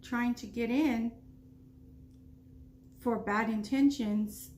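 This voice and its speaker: Woman, 30s, casual eating vlogger, slightly high voice, faint hum under the recording. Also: fairly even intonation, takes it slowly, a little mellow. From United States. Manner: chatty, eating while talking, with food in her mouth. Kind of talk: casual mukbang storytelling.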